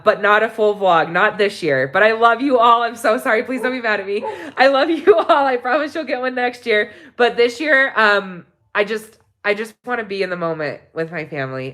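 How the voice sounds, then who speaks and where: A woman vlogger living in Mexico, chatting casually and warmly to her viewers, rambling with many ums and restarts. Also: medium pitch. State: tearful near the end. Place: home in Mexico.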